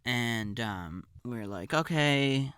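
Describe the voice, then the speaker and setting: Guy casually telling a funny story on his podcast, wry and rambly, smooth clean voice, dry close sound. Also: mid-range voice, a little slow, a bit bright, dry recording. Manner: wry, digressive, offhand.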